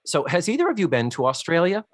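Male co-host, animated and salty, fairly high voice, dry close sound. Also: fast talker, slightly rough, no room sound. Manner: animated, profane, acts out lines in character voices. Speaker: podcast co-host. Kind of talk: casual chat.

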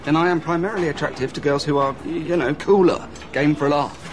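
A man's voice: fairly high pitch, fast, background noise, lightly acted. A man playing a cocky English lad. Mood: boastful. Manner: cheeky, boastful. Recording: film clip with music and crowd.

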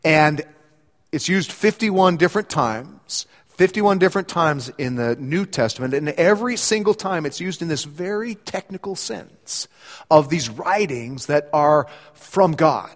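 Animated preaching man in reverberant hall. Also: fairly high pitch, unhurried. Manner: animated preaching, rising for quoted lines. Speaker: pastor. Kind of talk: sermon.

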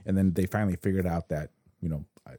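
A man with a low, mellow voice talks casually on a podcast. He tells his story haltingly, often stopping to restart his sentences, recorded dry and close. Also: fairly even intonation, breathy edge, no echo. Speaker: podcast co-host. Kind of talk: casual conversation.

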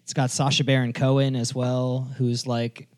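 A man's voice: mid-range voice, level tone, moderate pace, darkish tone, no room sound. A man in a casual film chat, easygoing and explaining at length.

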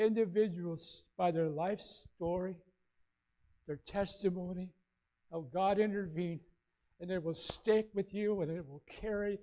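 A man pastor preaching a sermon, telling stories with big swings between loud and soft. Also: poor audio. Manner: storytelling preacher, dynamic swings in loudness and pitch.

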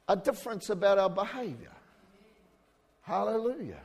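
A man from New Zealand with a New Zealand accent, preaching a sermon in a conversational way with joking asides and shouted emphasis. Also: high voice, animated, a little slow. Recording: hall reverb.

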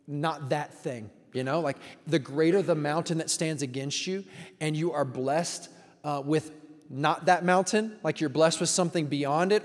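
A man preaching in a slightly raised voice, talking to his congregation the way he would over coffee. He questions the room and tells personal stories in a loose, chatty way. His voice rings out with a long tail of reverb from the hall. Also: on the high side. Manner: casual, storytelling, engages the congregation with questions. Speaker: pastor. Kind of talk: conversational sermon.

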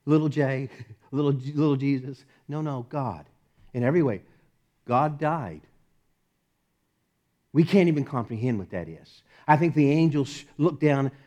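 A fervent male pastor with a fairly high voice delivers a sermon. He drops to near-whispers on repeated phrases, then builds to ringing declarations, stumbling over restarts and chuckling as he goes. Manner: impassioned, swings from hushed to loud with restarts and chuckles.

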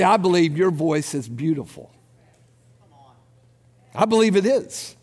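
A man preaching a sermon, giving a numbered list with rising emphasis and then leading the congregation in prayer. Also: a little high. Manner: preaching with rising emphasis and a quiet, slowed close. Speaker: pastor. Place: church sanctuary. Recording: long hall reverb.

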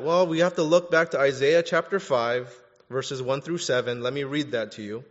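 A male pastor giving a sermon in a conversational, animated style, with casual fillers. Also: mid-range voice, moderate pace. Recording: dull audio with long reverb in a hall.

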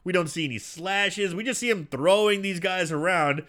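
A man's voice: high-pitched, moderate pace. A man casually recapping a movie on a podcast, acting out characters' lines and laughing often. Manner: animated storyteller, acts out lines, laughs often. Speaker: podcast co-host.

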